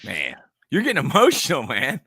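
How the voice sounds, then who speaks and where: A man's voice: mid-range voice, huge pitch swings, normal speed, sharp tone, husky, no room sound, clean studio sound. A man co-hosting a coaching podcast, talking in an easygoing, storytelling way. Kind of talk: casual chat.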